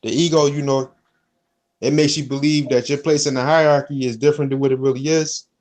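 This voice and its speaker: A man's voice: mid-range voice, steady tone, a little fast, a little mellow. A man in a casual chat who often affirms what he hears and reflects on it, checking in with "you know what I mean.".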